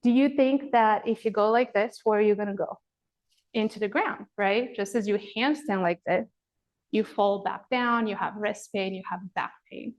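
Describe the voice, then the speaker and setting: A woman in her forties from Romania, a yoga teacher giving a chatty, animated online workshop, demonstrating poses as she talks to viewers. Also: medium pitch, moderate pace. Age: 40s. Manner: chatty, animated, addresses viewers as "you guys"; demonstrating poses while talking.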